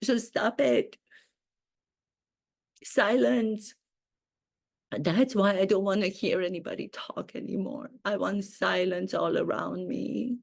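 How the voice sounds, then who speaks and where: A woman putting on a vain, self-pitying duchess in a satirical impression, speaking slowly and theatrically. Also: mid-range voice, fairly even intonation, vocal fry, heavily acted. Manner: slow, grandiose, theatrical delivery with drawn-out words. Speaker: acting coach.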